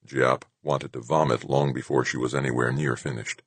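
A man reading a science fiction novel aloud in measured scripted narration, close to the mic. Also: a bass voice, level tone, breathy edge, dry recording. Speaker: audiobook narrator.

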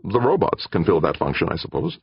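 A man's voice: low voice, big pitch swings, a little fast, gravelly, slightly rough, dry recording, lo-fi sound, pitched above the performer's own voice, full character voice. A man doing a curt suspicious doctor. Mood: insistent. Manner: curt, insistent, mistrustful. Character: suspicious stiff male mission doctor.

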